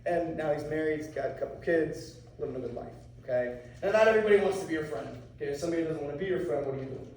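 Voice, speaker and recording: A martial arts instructor talking casually to a class of students, often checking in with "okay?" and "right?". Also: male voice, fairly high pitch, expressive, rapid-fire, few pauses, a little mellow, slight background noise. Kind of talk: anti-bullying talk to a class. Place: school room with students. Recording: echoey room, mic far off.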